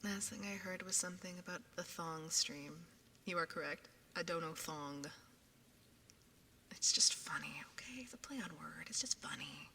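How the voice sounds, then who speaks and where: A young woman chatting casually with her stream viewers, often dropping into a soft whisper, recorded on a binaural ASMR microphone. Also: fairly low pitch, moderate pace, vocal fry, big-room sound, slight background noise.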